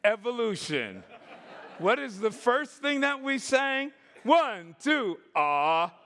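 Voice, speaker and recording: A man in his sixties telling stories on a conference stage in a lively way, acting out the voices and laughing often. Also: very high voice, takes it slowly. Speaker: conference speaker. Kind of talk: storytelling talk.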